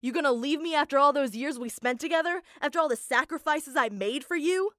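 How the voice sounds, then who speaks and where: A woman voicing an angry, controlling middle-aged father who shouts his accusations in an animated story. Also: high voice, a little fast, no echo, studio quality, voice pushed up. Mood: shouting angrily.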